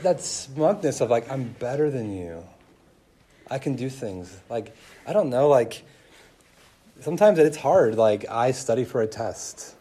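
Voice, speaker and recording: A young man preaching a sermon to a room, telling stories in an animated way with many asides. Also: fairly low pitch. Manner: animated storytelling, laughing, lots of "like". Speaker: pastor. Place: room with an audience.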